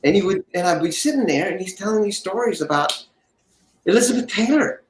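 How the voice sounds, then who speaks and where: Guy telling a story on an interview, bit higher voice, echoey room. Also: fast talker, a little hiss or hum. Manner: lively storyteller, acts out quoted voices. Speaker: guest actor. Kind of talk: animated anecdote telling.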